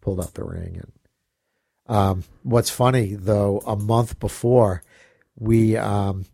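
A man's voice: fairly low pitch, steady tone, takes it slowly, creaky, dark tone, husky, no echo, clean studio sound. Man telling a rambling, profane story. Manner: rambling, profane, laughs through his own story. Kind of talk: casual storytelling chat.

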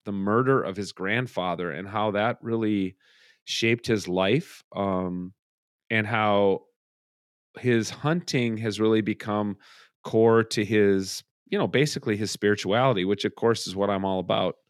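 A man's voice: fairly low pitch, a little slow, dry recording, clean studio sound. A middle-aged man hosting a podcast from his home, chatting casually and rambling with restarts. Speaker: podcast host. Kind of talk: casual chat. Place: room at home.

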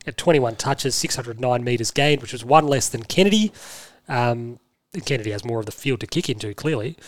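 A man's voice: medium pitch, animated, brisk, no room sound. An Australian man co-hosting a sports podcast, teasing his mates and reeling off stats. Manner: teasing, sarcastic, rattles off stats. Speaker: podcast co-host. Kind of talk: casual sports chat.

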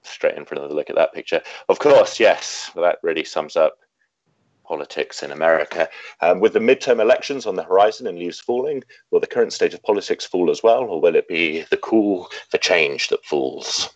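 A man's voice: sits low, brisk, dry recording, muffled recording. A man co-hosting a casual podcast, chatting about photos and reading a listener's email aloud with dry, wry asides. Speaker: podcast co-host.

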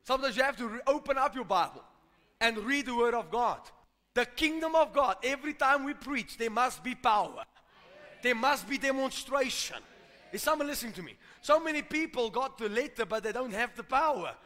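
Man preaching, bright edgy voice, high pitch, emphatic repetition, long church reverb. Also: lively intonation, a little fast. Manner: emphatic, repetitive preaching with call-outs to the congregation. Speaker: pastor. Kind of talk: sermon. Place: church hall.

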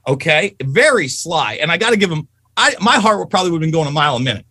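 A man telling stories in a heated, profane political rant, loudly and emphatically angry. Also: on the high side, slight background noise. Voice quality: profane, fast and animated.

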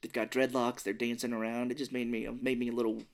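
An animated podcast co-host chatting casually about a film, often slipping into quick impressions of the characters. The voice sits at a middle pitch and keeps the talk loose and conversational. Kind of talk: casual movie review chat.

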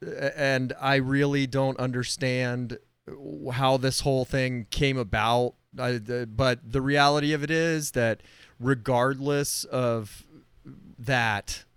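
A man's voice: medium pitch, fairly even intonation, takes it slowly, fairly bright tone, smooth, no room sound. A man co-hosting a podcast, joking in casual chat. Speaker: podcast co-host.

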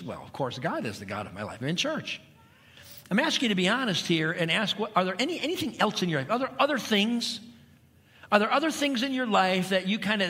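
A middle-aged man preaching from a church pulpit, driving his points home with repetition and pointed questions. His voice is bright and a little high, and it rings out with a long hall reverb. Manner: emphatic preaching with repeated phrases and rhetorical questions. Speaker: pastor. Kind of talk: sermon. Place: church sanctuary.

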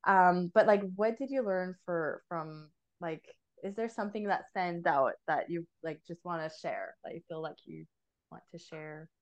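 A woman hosting a casual podcast interview, warmly agreeing and asking open questions. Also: lowish voice, normal speed, lo-fi sound. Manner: supportive, with frequent laughs and short agreements. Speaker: podcast host.

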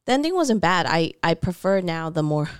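Low-voiced young woman, chatty. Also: very animated, moderate pace, clean tone, no echo, studio quality. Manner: chatty, leans on "like" and reported thoughts. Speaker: podcast co-host. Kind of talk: casual movie discussion.

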